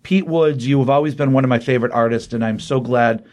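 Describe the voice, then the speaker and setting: A man's voice: mid-range voice, quick pace, darkish tone. Chatty man recapping a comic. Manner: rambling, retells scenes with quoted voices. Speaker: podcast co-host. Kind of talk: casual chat recapping comics.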